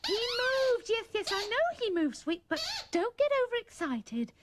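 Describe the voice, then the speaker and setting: A woman presenting a children's puppet show, gently coaxing and soothing the puppets as if they were small children. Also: extremely high pitch, huge pitch swings, measured pace. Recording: old VHS tape with music and hiss.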